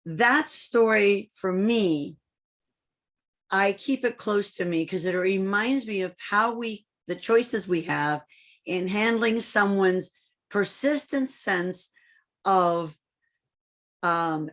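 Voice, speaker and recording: A woman podcast host introducing her guest in an earnest, measured way over a video call. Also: mid-range voice, a bit bright. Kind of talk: conversational interview.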